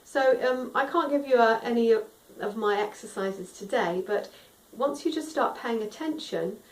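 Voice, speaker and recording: A woman's voice: a little high, unhurried, recorded from a distance. Singing teacher woman in a roomy echo. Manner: friendly instructive, demonstrates sung tones. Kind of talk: explanatory vocal lesson. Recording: roomy echo, a little off mic.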